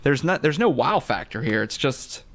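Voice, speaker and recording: A man co-hosting a beer podcast, talking in a casual, playful, high-energy way. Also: sing-song, normal speed, a bit bright. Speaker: returning podcast co-host. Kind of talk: casual chat.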